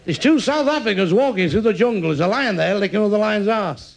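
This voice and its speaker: A man's voice: sits high, animated, quick pace, vocal fry. A man with a Mancunian accent doing a crude stand-up comedy routine, chuckling at his own punchlines.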